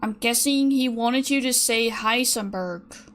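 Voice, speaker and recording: A young woman streamer talks to her chat while she paints. Her voice sits a little high and she speaks slowly, drifting from easy chatter into exasperated rants. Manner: chatty, exasperated ranting, reads chat aloud.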